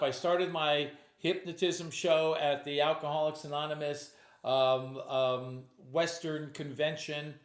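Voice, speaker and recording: A man's voice: a little high, reverberant. A stage hypnotist telling a true story from his shows in a casual, conversational way, often quoting himself. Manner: conversational, with restarts and acted quotes.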